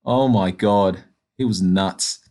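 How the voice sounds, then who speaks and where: A man's voice: lowish voice, slow, darkish tone. An Australian man co-hosting a casual podcast, telling a work story with laughs and swearing. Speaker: podcast co-host. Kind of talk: casual chat.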